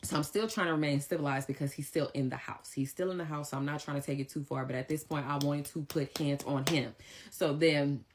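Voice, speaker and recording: A young adult woman telling a story in a casual storytime style, animated and emphatic, jumping up in pitch when she quotes people. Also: brisk. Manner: animated, emphatic retelling with sharp pitch jumps for quoted lines.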